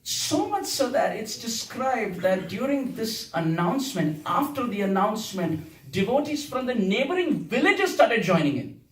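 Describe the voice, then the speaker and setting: Preacher, high-pitched, playful and laughing, distant mic, faint hiss. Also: male voice, sing-song, moderate pace, echoey room. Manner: playful, laughs often, recites verses. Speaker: preacher giving a Sunday class. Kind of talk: humorous devotional lecture. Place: temple hall with an audience.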